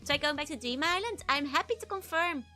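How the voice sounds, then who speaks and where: This woman's high, bright voice is animated and a little fast as she chats casually on her live stream, replying to viewer messages as they come in, with soft game music in the background.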